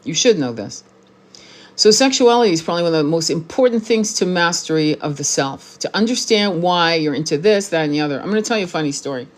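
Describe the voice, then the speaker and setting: Woman, 60s, low-pitched, blunt, profane, emphatic repetition, casual spiritual monologue. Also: expressive, quick pace. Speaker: tarot reader and spiritual teacher.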